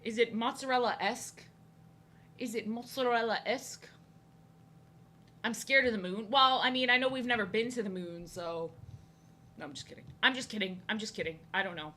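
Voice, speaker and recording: A woman's voice: on the high side, brisk, sharp tone, a little hiss or hum. Bubbly rambling young woman streamer. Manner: rambling, self-deprecating, jokey. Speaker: art streamer. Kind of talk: casual chat while drawing on stream.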